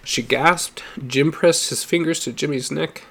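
A man reading a story aloud in a steady, measured narration. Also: fairly high pitch, creaky. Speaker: audiobook reader.

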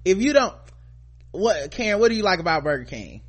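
A man's voice: sits high, sing-song, a little fast. A man co-hosting a podcast in casual chat, riffing with joking, mock-indignant asides. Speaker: podcast co-host.

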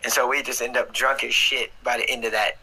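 Bright-voiced, crude joking man. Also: medium pitch, little pitch movement, fairly quick, vocal fry, husky, poor audio. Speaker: livestream host. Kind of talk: casual chat.

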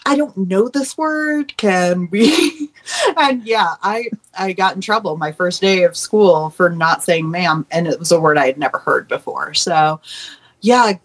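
A woman from New York chats as a podcast guest, telling animated stories. Her voice sits low and has a husky edge. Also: normal speed. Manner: animated storyteller. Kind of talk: casual chat.

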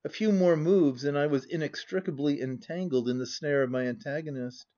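Man reading a classic novel, dull sound. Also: fairly high pitch. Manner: even, measured first-person reading. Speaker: audiobook narrator. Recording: dull lo-fi audiobook recording.

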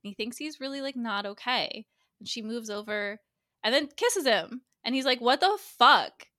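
Bright, chatty woman recapping with friends. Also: a little high, dry recording, studio quality. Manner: chatty, quoting characters in quick asides, swears freely. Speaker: guest co-host. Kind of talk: casual podcast recap.

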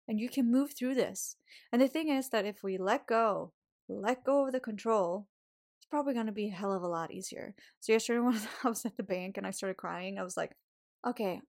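Casual woman podcast host, pep-talk monologue, salty language, mid pitch. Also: fairly quick. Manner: swears often, laughs, animated and encouraging.

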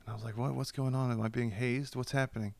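A man co-hosting a casual comedy podcast, telling stories with lots of laughs and loud comic voices. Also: mid-range voice, fairly even intonation, fast talker, vocal fry, no echo. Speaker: podcast co-host.

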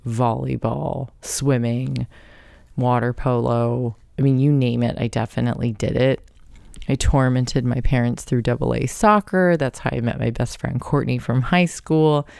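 A woman's voice: very deep voice, gravelly, darkish tone, clear, resonant tone, no echo, clean studio sound. A woman hosting a podcast, telling a rambling personal story in a casual, chatty way. She swears now and then and laughs mid-sentence. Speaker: podcast host.

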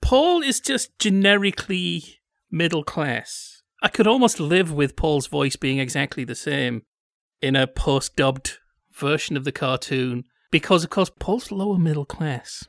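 A man's voice: fairly high pitch, a little slow, creaky, fairly bright tone, dry recording. Wry man hosting a chat, dry sound. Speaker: podcast host. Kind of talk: casual discussion.

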